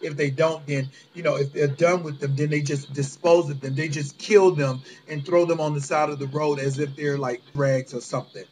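A man's voice: fairly high pitch, steady tone, normal speed, few pauses, darkish tone, slight background noise. A man, ranting to viewers in a casual vlog, agitated and indignant, swearing and calling them y'all. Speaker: vlogger.

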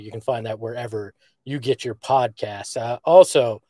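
A man hosting a sports podcast in a loose, relaxed way, dropping "uh" between phrases as he promotes another show. His voice sits at an ordinary middle pitch. The sound is dry and close, with no room around it. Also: moderate pace, no echo. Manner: relaxed, many "uh" fillers, plugging a show. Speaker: podcast host. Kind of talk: casual podcast talk.

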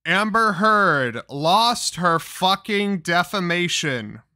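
A man's voice: sits high, lively intonation, takes it slowly, sharp tone, no room sound, studio quality. A man giving profane, mocking reaction commentary.

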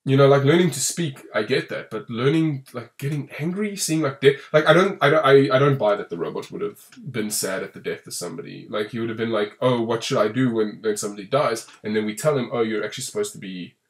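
A man's voice: mid-range voice, quick pace, creaky, hardly any pauses. Rambling man reviewing a movie. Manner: rambling, restarts often, animated when complaining. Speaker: podcast co-host reviewing a film. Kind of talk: casual film review chat.

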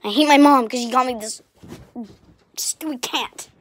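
A woman playing a bratty, self-absorbed young vlogger who talks in a whiny, petulant, deliberately clueless way. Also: high voice, a little hiss or hum, natural voice. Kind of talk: comic character vlog.

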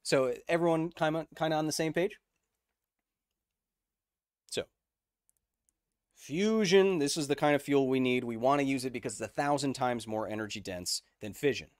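Speaking at a moderate pace with long pauses, a man of medium pitch hosts a laid-back science livestream, chatting with viewers and responding to their messages. The recording is dry, with clean studio sound.

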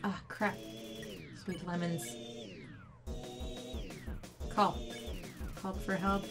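A woman's voice: mid-range voice, little pitch movement, takes it slowly, pauses often. A young woman playing a video game, reading on-screen text aloud between startled reactions. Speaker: let's play gamer. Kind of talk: let's play commentary. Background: game music.

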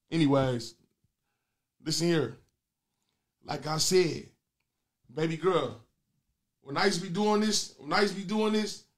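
A man hosting a comedy call-in show with loud, crude, taunting banter aimed at his callers. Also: a little high.

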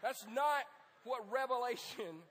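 High-voiced preaching man, big hall. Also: unhurried. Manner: animated, joking, preaching to men. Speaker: pastor. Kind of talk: sermon. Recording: long hall reverb.

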